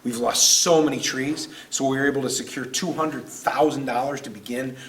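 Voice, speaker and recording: At a neighborhood meeting in a community room, a state senator gives an earnest speech full of stories, acting out quoted voices and growing emotional at times. His medium-pitched voice is steady and a bit bright at a normal speed. The mic sits at a distance, picking up faint room noise.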